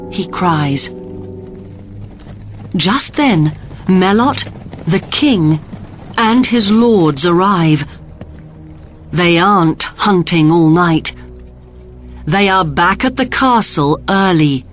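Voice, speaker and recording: A woman narrating a storybook in a plain, measured way. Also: fairly low pitch, animated. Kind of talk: storybook reading. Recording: soft music underneath.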